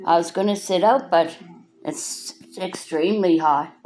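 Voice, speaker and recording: A woman's voice: on the low side, a little slow, darkish tone, soft background music. A Canadian woman making a casual home vlog, cooing at a cat in sing-song baby talk. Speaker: vlogger.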